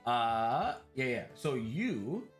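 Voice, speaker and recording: A man running a tabletop game as game master, animated and laughing, with faint music behind. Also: medium pitch. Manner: animated, laughing, quick restarts.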